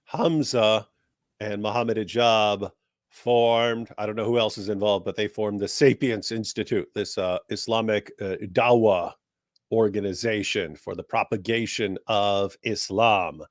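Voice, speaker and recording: A man's voice: fairly low pitch, fairly even intonation, a little slow, no echo, clean studio sound. A man co-hosting a casual chat show, talking in a blunt, combative way. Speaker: co-host.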